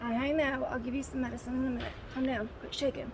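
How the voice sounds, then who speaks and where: A woman chatting casually through a makeup routine at home, murmuring soft comfort to her dog between steps. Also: sits high, little pitch movement, fast, noisy background. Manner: chatty, with quiet soothing asides to a dog. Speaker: makeup vlogger. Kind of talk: casual makeup tutorial chat. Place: indoors at home, sitting on a bed. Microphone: phone.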